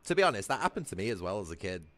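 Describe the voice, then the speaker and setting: A man's voice: on the low side, big pitch swings, rapid-fire, fairly bright tone. A man, chatting casually with his livestream viewers, rambling, swearing freely and laughing often. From Britain. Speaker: gaming livestreamer.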